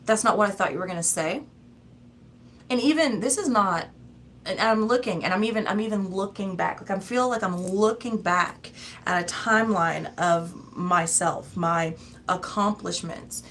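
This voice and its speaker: A woman's voice: medium pitch, normal speed, fairly bright tone, slight background noise. A woman giving a tarot reading in a casual, chatty, rambling way, often breaking into laughs. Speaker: tarot reader.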